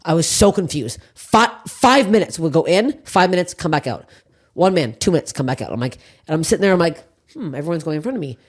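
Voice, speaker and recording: A woman hosting a podcast, telling stories in casual chat with lots of swearing. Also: fairly low pitch. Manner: rapid, profane, animated storytelling. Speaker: podcast host.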